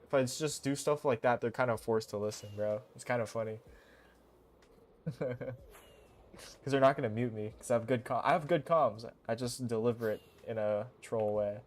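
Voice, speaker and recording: A young man streaming a game, talking casually in a goofy, excitable, rambling way full of slang. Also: medium pitch, normal speed. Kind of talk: casual live-stream commentary.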